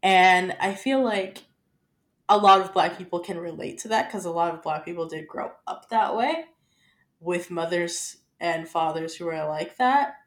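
A young woman co-hosting a podcast in casual chat, animated and swearing freely as she acts out quotes. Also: fairly low pitch, a little slow, echoey room. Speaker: podcast co-host.

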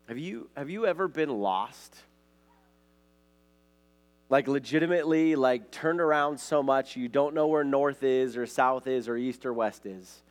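A man's voice: mid-range voice, measured pace. A man from Montana, preaching a conversational sermon and telling stories in a casual way, often saying "like" and "right?". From Montana, USA. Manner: casual storytelling, frequent "like" and "right?". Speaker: pastor.

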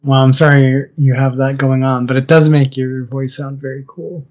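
A man of middle pitch co-hosting a podcast, chatting easily with a friend and laughing along. The audio is a little dull and lo-fi. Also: level tone, moderate pace, a little mellow. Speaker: podcast co-host. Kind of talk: casual chat.

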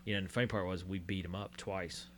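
A man co-hosting a casual sports talk show, telling blunt, animated stories about youth coaching. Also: low voice, fast talker, a little hiss or hum.

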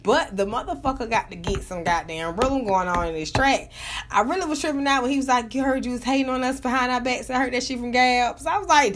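A high-voiced Georgia woman with a Southern US accent reviews rap tracks in a vlog, talking fast and loose. Her fairly bright voice piles up profanity and restarts sentences as thoughts tumble together in quick, rambling bursts. There's a little hiss or hum in the background.

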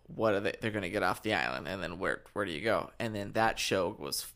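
A young man co-hosting a podcast in casual chat, chatty and quick to joke. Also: low voice, fairly bright tone. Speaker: podcast co-host.

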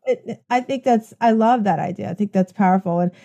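With a warm, medium-pitched voice and a fairly quick pace, this American podcast host rambles eagerly through a conversational interview, frequently starting her thoughts over. The audio sounds somewhat dull.

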